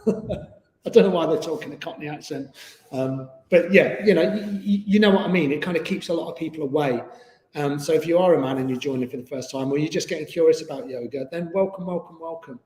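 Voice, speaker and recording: A man's voice: on the high side, fast, a little mellow. A man teaching a live online yoga class in an easygoing, chatty way with many fillers. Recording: echoey room with long reverb.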